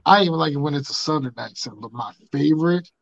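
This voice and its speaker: A man's voice: fairly high pitch, quick pace, gravelly, fairly bright tone, no room sound. A man hosting a podcast in casual, rambling banter, laid-back and swearing freely, on dull lo-fi audio. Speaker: podcast host.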